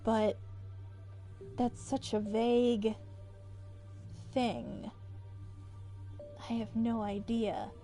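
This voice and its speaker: A woman's voice: fairly high pitch, little pitch movement, drawn-out words, long pauses, warm tone. A woman streamer giving casual gaming commentary with puzzled, musing asides. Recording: game music in background.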